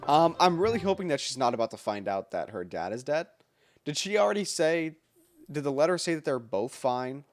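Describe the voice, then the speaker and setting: A man streaming a game, thinking aloud with many fillers and bursting into loud, excited reactions. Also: on the high side, brisk. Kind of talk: casual gaming livestream commentary. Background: game music.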